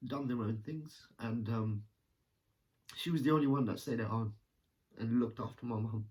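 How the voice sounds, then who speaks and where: A man's voice: medium pitch, moderate pace, a little mellow, far from the mic. A man tells a personal story in a candid, rambling way and swears casually.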